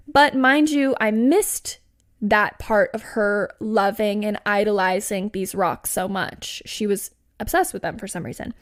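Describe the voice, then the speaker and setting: A woman in her twenties telling a personal story in casual storytime style, chatty and animated, full of "like" and "you know". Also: mid-range voice, a little slow. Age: 20s. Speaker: podcast host.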